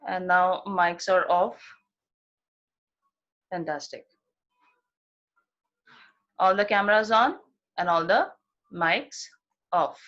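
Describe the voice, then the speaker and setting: A woman's voice: fairly low pitch, slow pace, pauses often, a bit bright, highs cut off. A woman teacher with an Indian accent, giving an online phonics class to young children over a video call and checking understanding with "right?". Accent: Indian English. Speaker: primary school teacher.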